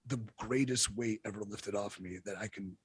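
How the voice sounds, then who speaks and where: Husky low-voiced man telling stories. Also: normal speed, no room sound. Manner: blunt, profane, animated storyteller. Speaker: wrestler guest. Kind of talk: casual interview storytelling.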